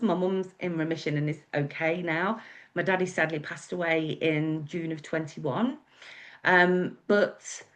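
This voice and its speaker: A woman with an English accent, telling her life story as a guest speaker in a chatty, meandering way with many fillers. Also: on the low side. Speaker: guest speaker, wedding celebrant. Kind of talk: casual storytelling talk.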